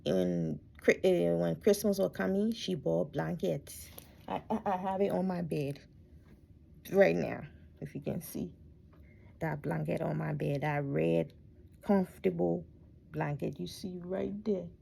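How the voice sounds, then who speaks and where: A middle-aged woman telling her life story from her bedroom, speaking softly and reflectively, often close to a whisper and near tears. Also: on the low side, a little slow, creaky. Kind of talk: personal storytelling.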